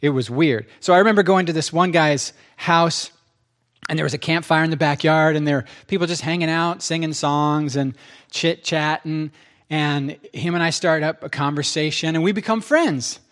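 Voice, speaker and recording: A middle-aged man preaching, telling his testimony in an animated, self-interrupting way and acting out quotes. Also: on the high side, normal speed. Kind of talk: testimony storytelling.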